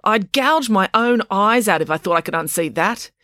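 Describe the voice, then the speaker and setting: A woman's voice: mid-range voice, expressive, normal speed, pushed and bright, no echo, studio quality, voice pushed up. A woman voicing a squeamish, dramatic young girl with theatrical outbursts in a storybook reading. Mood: dramatic disgust.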